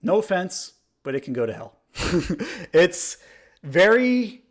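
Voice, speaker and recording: A man's voice: high voice, big pitch swings, takes it slowly, breathy edge. A man co-hosting a podcast, speaking in a casual, opinionated way. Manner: opinionated, chatty, frequent "like" fillers. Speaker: podcast co-host. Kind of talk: casual chat.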